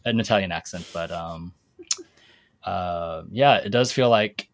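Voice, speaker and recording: A man's voice: sits low, a little slow. A man from Washington state co-hosting a casual discussion, talking loosely with many fillers and restarts. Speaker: podcast co-host.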